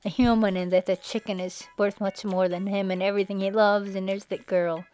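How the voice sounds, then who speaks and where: A woman giving sarcastic, mocking commentary over a slideshow, now and then breaking into shrill put-on voices. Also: flat delivery, fairly quick, darkish tone, clean tone, rough recording. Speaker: video narrator. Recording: faint background music.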